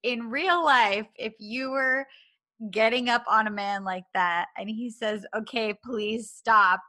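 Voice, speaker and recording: Animated woman sharing show theories. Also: fairly high pitch, a little slow, no echo. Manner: animated, laughs often, shares theories. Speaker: co-host reviewing a show. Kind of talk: casual chat.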